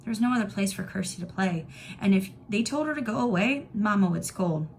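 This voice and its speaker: A woman teacher reading a novel aloud to students in clear, steady storytelling. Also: medium pitch, brisk, a little hiss or hum.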